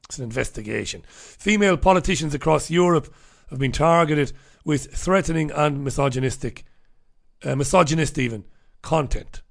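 This time the livestream host's voice is a little high and creaky at a normal speed. He runs his own radio show and stream, rambling sardonically and profanely as he reads out viewer comments in a casual chat.

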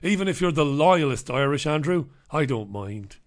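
Middle-aged male radio host, slightly raised pitch, loose joking chatter between listener shout-outs. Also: lively intonation, normal speed. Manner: irreverent, rambling, jokey banter. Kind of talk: casual live show chat, reading out listener messages.

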